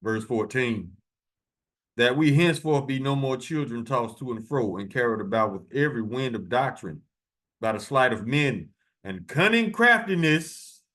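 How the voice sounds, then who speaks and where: A man reading scripture aloud with slow, deliberate verses, then breaking into blunt, profane commentary. His voice sits at a middling pitch, and he speaks as a preacher addressing his listeners directly. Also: lively intonation, fairly bright tone.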